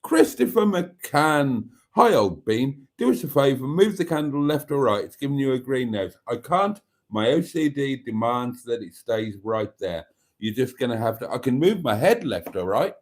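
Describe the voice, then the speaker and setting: A man's voice: medium pitch, very animated, normal speed. A man hosting a live stream, reading out viewer comments with wry, self-mocking asides. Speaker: channel host.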